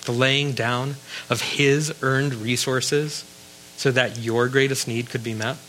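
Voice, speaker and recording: Bright-voiced male pastor preaching. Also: medium pitch, steady tone, slow pace, slight background noise, low-quality recording. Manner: conversational preaching, wry asides. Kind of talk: sermon.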